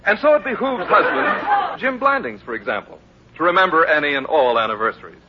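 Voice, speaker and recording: A man's voice: on the high side, very animated, a little fast, slightly rough, some chatter behind. A man announcing and narrating a vintage radio show in a wry, theatrical way. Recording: dull old radio recording with faint music.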